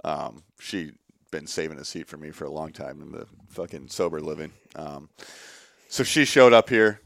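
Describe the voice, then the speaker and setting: A man's voice: very deep voice, moderate pace, vocal fry, dry recording, clean studio sound. A man in his thirties, a guest in a workshop, telling his story candidly and animatedly, swearing often and acting out quotes. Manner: swears a lot, animated retelling with quoted voices.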